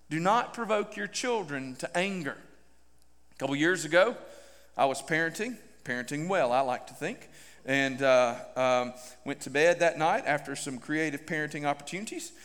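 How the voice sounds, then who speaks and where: A middle-aged male pastor delivers a sermon with an animated, questioning style. His voice sits high for a man. The sound carries a long reverb from a large church hall. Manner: animated, direct questions to the congregation.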